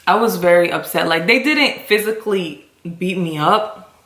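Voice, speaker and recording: A young woman sits in a room and tells her viewers a personal story. She speaks in a fairly low voice, confiding and emotional. Her voice carries a roomy echo. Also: moderate pace, vocal fry, a bit bright. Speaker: vlogger. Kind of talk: storytime chat.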